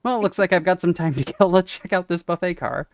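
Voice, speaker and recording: A man's voice: high-pitched, fast talker, vocal fry, no echo. Man reading game dialogue aloud, dry mic. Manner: reads game text aloud, chuckles often. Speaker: let's-play streamer. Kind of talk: casual gameplay commentary, reading dialogue aloud. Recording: dry close mic, faint game music.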